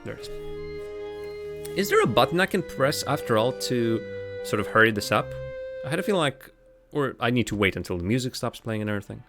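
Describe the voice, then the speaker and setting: A man's voice: medium pitch, very animated, normal speed, pauses often, soft background music. A man streaming a game live, thinking aloud in casual commentary with frequent restarts.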